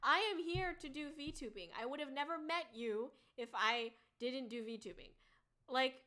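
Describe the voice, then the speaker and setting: A woman's voice: high voice, a bit bright. A woman streamer in casual chat, ranting bluntly and swearing freely. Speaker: VTuber streamer.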